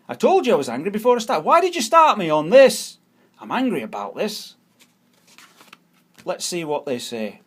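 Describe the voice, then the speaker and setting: A Scottish man with a high voice rants furiously, dropping swear words and repeating his points over and over. He sounds fed up and indignant throughout. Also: sing-song, normal speed. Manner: ranting, swearing, repeating phrases. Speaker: vlogger. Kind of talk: angry political rant.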